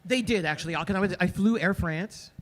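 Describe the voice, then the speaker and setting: A man's voice: sits high, fast talker. A man hosting a live stream, chatting casually and joking, often slipping into mock accents. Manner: playful, jokey, slips into mock accents. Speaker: host.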